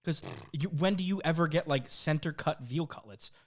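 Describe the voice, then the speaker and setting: Dude on a podcast, young, tells stories all animated, does little voices. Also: male voice, fairly high pitch, moderate pace. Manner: animated storyteller, acts out voices and laughs often. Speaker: podcast co-host. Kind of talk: casual chat.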